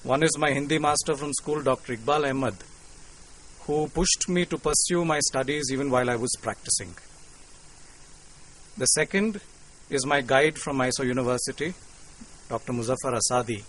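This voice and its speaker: A man with an Indian English accent giving a formal, courteous public lecture to an audience, measured and lightly humorous. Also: mid-range voice, a bit bright, rough recording. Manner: courteous, measured, with cricket quips. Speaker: invited lecturer. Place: lecture hall.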